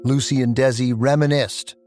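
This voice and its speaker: A man giving measured, scripted documentary narration. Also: mid-range voice, fairly even intonation, a little mellow, faint music behind.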